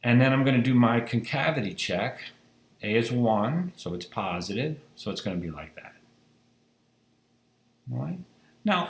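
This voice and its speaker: A man teaching a math lecture, emphatic and rhetorical, checking in with "right?" after most points. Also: lowish voice. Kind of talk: recorded lecture. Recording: echoey room.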